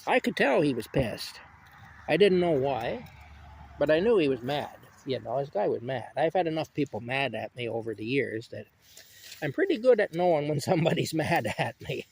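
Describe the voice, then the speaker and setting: A man's voice: fairly high pitch, very animated, normal speed, creaky, darkish tone, husky. A man telling a casual work anecdote outdoors in a rambling way, with frequent fillers, repeating himself as he goes. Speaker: storyteller. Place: outdoors while picking strawberries.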